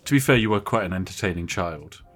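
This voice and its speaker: Teasing, lively man. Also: sits low, fast talker, soft background music. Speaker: podcast co-host. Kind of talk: casual chat.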